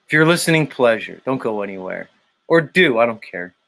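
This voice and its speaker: A man's voice: medium pitch, big pitch swings, a little fast, gravelly, a bit bright. A man hosting a morning livestream in casual chat, reading out the chat, laughing a lot and swearing. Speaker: livestream host.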